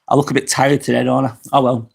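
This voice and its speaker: Fast and level, with vocal fry and a breathy edge to his medium-pitched voice, a middle-aged man runs a casual live vlog indoors at his apartment. He reads comments from viewers and talks frankly, swearing liberally.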